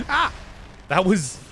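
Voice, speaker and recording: A man's voice: high voice, bright, forceful tone, a little hiss or hum. A young man streaming a game, chatting and rambling as he plays, often laughing. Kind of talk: live gameplay commentary.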